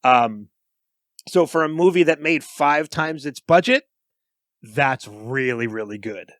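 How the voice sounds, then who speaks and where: A man's voice: medium pitch, slow, fairly bright tone, no room sound. Man explaining in a dry, close voice. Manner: explains things patiently for listeners. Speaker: podcast co-host. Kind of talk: casual film review chat.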